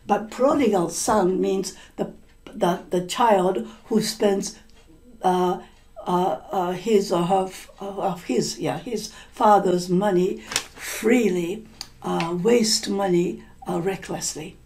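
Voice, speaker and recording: A woman language teacher telling a story to learners, slowly repeating and explaining words with many hesitant fillers. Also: medium pitch, a little mellow, poor audio.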